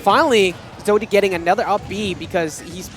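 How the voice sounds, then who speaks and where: A man casting a fighting game tournament, calling the action with quick, excitable play-by-play. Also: sits high, faint music behind. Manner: excitable, quick-fire calls. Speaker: tournament caster. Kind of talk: play-by-play esports commentary.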